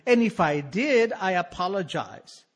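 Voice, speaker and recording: A man voicing his estranged elderly father, reading the letter in a wheedling, sing-song way with a husky voice. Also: high-pitched, big pitch swings, unhurried, voice pushed up, heavily acted.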